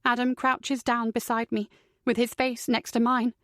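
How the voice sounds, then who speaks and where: Woman, audiobook narrator, first-person thriller, tense dramatic delivery, fairly high voice, dry studio sound. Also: little pitch movement, normal speed, a bit bright, no room sound.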